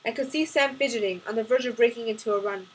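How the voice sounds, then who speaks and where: A woman's voice: fairly high pitch, quick pace, slight background noise, rough recording. A woman reading aloud from her own novel, chatting casually with ums before she begins. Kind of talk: audiobook-style chapter reading.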